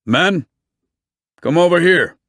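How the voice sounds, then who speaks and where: Brief: narrator playing a bossy middle-aged police chief, raised pitch, loud, no-nonsense, dry close read. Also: male voice, lively intonation, takes it slowly, no echo. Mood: commanding. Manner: bossy, authoritative.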